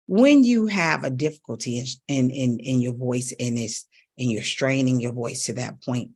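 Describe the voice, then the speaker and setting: A middle-aged woman vocal coach giving an emphatic coaching talk straight to her audience, with sudden leaps up in pitch. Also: normal speed, a little mellow.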